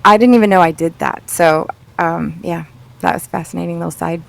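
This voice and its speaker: A woman's voice: fairly low pitch, fairly even intonation, fairly quick, creaky, no room sound. A woman who narrates audiobooks, chatting casually on a video call and laughing often. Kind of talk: casual chat.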